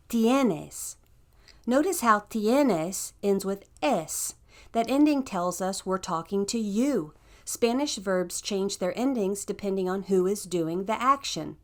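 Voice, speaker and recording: A woman narrating a scripted language lesson in an upbeat, encouraging way. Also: medium pitch. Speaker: language teacher.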